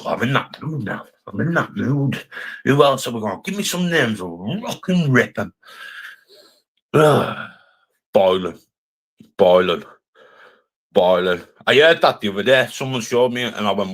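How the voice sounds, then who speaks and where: A man's voice: on the low side, fairly bright tone, breathy edge. Foul-mouthed Cumbrian man ranting. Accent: Cumbrian English. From Cumbria, England. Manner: angry, profane, insulting; mocking, jeering. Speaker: streamer. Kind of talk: live stream rant.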